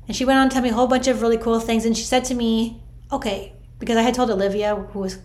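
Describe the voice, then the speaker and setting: A middle-aged woman telling viewers a personal spiritual story in a chatty, animated way, full of "like" and "I'm like". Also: fairly high pitch, fast talker. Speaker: vlogger sharing a spiritual story.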